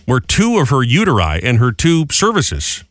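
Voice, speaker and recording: A man's voice: mid-range voice, huge pitch swings, moderate pace, no echo. A man hosting a morning radio show, chatting upbeat and jokey with his co-host.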